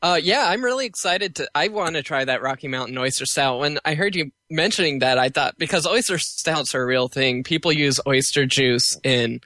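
A man's voice: fairly high pitch, moderate pace, few pauses, bright, forceful tone, no room sound, clean studio sound. A young adult man co-hosting a casual podcast, joking and laughing often. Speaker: podcast co-host. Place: Seattle.

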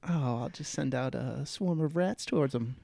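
A man's voice: mid-range voice, moderate pace, gravelly, warm tone, no room sound, studio quality. A man playing a vampire character in a tabletop horror game, talking eagerly. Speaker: player voicing vampire character. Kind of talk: tabletop role-play.

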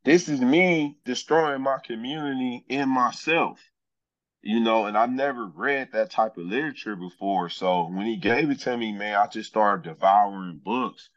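A man's medium-pitched, fairly bright voice comes through at normal speed, with no echo but the highs cut off. He is a journeyman lineman guesting on a podcast, telling his life story in a laid-back, frank way and often saying "man" during this casual storytelling interview.

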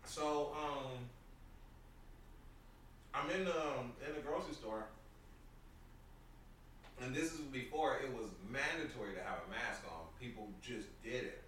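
A man's voice: medium pitch, measured pace, pauses often, far from the mic. A man chatting casually on a podcast, telling stories with lots of slang and laughter. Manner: animated, laughing storyteller, heavy slang. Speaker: podcast co-host. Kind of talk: casual chat. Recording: very echoey room, off-mic, faint noise.

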